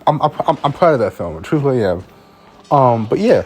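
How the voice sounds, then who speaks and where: A man's voice: mid-range voice, sing-song, brisk, soft background music. A young man, a student filmmaker, telling a rambling, exasperated story in a casual vlog, often stumbling over and repeating his words. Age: young adult.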